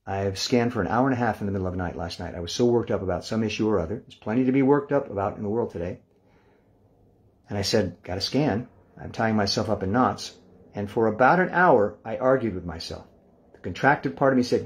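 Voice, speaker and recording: Calm older man guiding relaxation. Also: fairly low pitch. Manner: calm, unhurried, counts down softly to a hushed release. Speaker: meditation instructor. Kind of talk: guided relaxation lesson.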